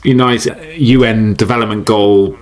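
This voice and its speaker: Lively man, a bit deep. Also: unhurried. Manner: animated, repeats words when restarting, laughs often. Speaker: podcast guest, entrepreneur. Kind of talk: casual interview chat.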